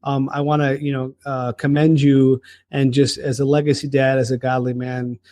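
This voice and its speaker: A middle-aged man speaks in an earnest, animated way as a podcast co-host, voice at an ordinary mid pitch. The sound is close and dry, with no room around it. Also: normal speed, dry recording. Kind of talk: conversational podcast talk.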